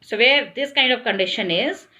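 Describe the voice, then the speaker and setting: A woman's voice: a little high, normal speed, bright, forceful tone. A woman explaining an English grammar lesson, patiently repeating points and spelling words out letter by letter.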